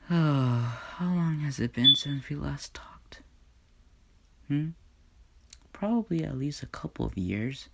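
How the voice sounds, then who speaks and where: A man's voice: a little high, expressive, slow pace, creaky, pauses often, a little hiss or hum, pitched above the performer's own voice, full character voice. A man voicing a sneering cruel twin sister. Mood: taunting. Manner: sneering, taunting. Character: mocking female dark entity, cruel twin sister.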